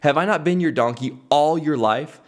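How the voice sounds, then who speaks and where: A man's voice: a little high, moderate pace, pitched above the performer's own voice, natural voice. A loyal female donkey pleads with her rider in a raised, indignant voice, as a man puts her on while retelling a story. The questions come in a row, each one pushing harder. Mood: pleading.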